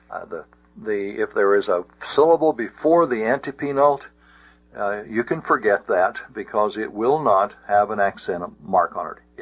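A man teaching a Greek grammar lesson, speaking deliberately with frequent restarts. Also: lowish voice, breathy edge. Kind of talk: classroom lecture. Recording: dull lo-fi audio.

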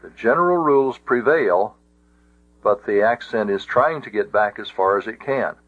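A man teaching a Greek grammar lesson, speaking deliberately with frequent restarts. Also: fairly low pitch, expressive, a bit bright. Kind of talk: classroom lecture. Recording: dull lo-fi audio.

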